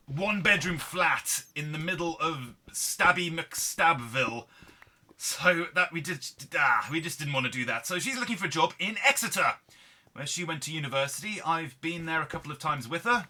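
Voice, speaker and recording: A man's voice: mid-range voice, bright, forceful tone, a little hiss or hum. A man doing a put-on accented persona, commenting on gameplay in an upbeat, exclamatory, rambling way. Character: chirpy adult male show persona with put-on accent.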